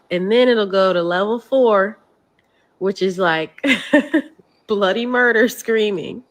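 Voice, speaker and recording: A woman's voice: medium pitch, measured pace, long pauses. A woman speaks as a mother in a casual clip, telling a story loosely. She fills her sentences with "like" and restarts. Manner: storytelling with many fillers. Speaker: young mother.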